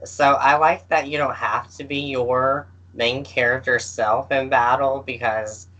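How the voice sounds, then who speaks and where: Man, podcast co-host, slow unhurried delivery, bright tense tone, casual chat. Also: medium pitch, fairly even intonation, low-quality recording. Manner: slow and hesitant, with many fillers. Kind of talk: casual chat about games.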